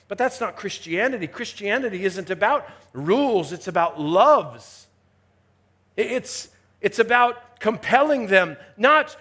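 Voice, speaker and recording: A man delivers a chapel sermon in a high, gravelly voice. He preaches emphatically, dropping to hushed asides and building to rising exhortation. His voice keeps a rough, creaky texture throughout. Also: animated, a little slow. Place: university chapel.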